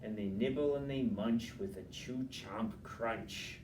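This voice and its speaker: A man reading a picture book aloud to children at a library, gentle and chatty, with side remarks to his young listeners. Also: fairly low pitch, noisy background. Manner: slow, gentle and chatty, adding asides to children. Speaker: library storyteller. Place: library room. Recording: echoey room, mic from a distance.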